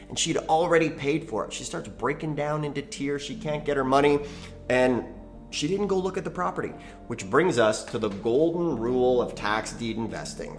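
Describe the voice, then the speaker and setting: Energetic folksy man teaching to camera. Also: medium pitch. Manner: animated, folksy, acts out quoted dialogue. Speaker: channel host, real estate investing educator.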